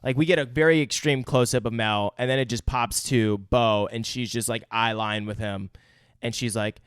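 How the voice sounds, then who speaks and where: Young male podcast co-host, smooth clear tone, dry close mic, casual profane film recap. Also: medium pitch, fairly even intonation, normal speed, no room sound. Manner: loose, profane retelling of film scenes. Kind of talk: casual movie-review chat.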